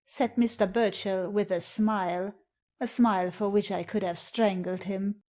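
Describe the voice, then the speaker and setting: A woman reads a Victorian story aloud as narrator, measured and deliberate. The pace is very slow, and the recording sounds dull and lo-fi. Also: medium pitch, steady tone. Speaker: audiobook narrator.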